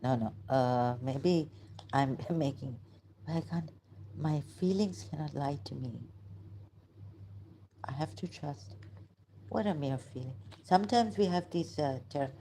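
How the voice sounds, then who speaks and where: A woman talking to herself in a halting, searching monologue, pausing and restarting often and turning emotional at times. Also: low voice, dark tone, slight background noise, rough recording. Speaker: vlogger. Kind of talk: hesitant reflective monologue.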